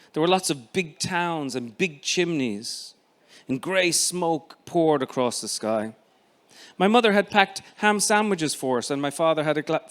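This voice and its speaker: An Irish man in his fifties reads his own memoir aloud. His voice is a little high for a man, and his reading is measured and expressive, with frequent pauses.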